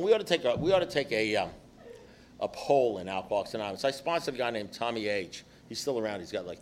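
An older man speaking to a recovery group in a blunt, profane, conversational way. He talks in punchy, repeated phrases and slips into mimicked voices. Faint noise sits behind him. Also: medium pitch. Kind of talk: personal recovery talk to a group.

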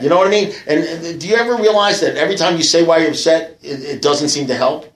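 Talking fast with few pauses, a man in a fairly high voice rambles through a long story for a recovery meeting audience, leaning on "you know" fillers and crude, blunt jokes. The low-quality recording picks up plenty of room echo.

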